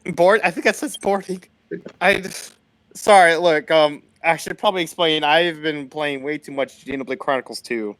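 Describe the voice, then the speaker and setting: A man's voice: a little high, moderate pace, a bit bright, no room sound. A man commentating a live game tournament in a casual, giggly, rambling way, often stumbling over his words. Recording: live stream with game sounds behind.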